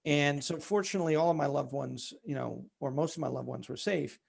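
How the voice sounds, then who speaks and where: A man's voice: a little high, brisk, gravelly, darkish tone, slightly rough. A man, a company founder, candidly telling a personal story in an interview, with many fillers. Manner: candid, many fillers, relives events vividly.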